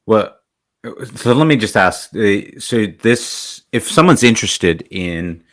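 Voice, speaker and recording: A man hosting a podcast, asking questions in a halting, hesitant way. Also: on the low side, lively intonation, a bit bright. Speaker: podcast host. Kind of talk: interview questions.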